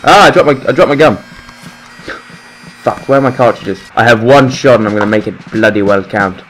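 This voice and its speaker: A young man giving excited gameplay commentary, swearing, laughing and shouting orders. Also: medium pitch, brisk, soft background music. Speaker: gaming video host.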